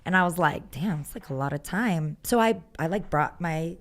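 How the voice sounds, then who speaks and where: Woman, lowish voice, casual chat, animated storytelling. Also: moderate pace. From Texas. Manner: animated storyteller, lots of "like", acts out quotes. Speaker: guest musician.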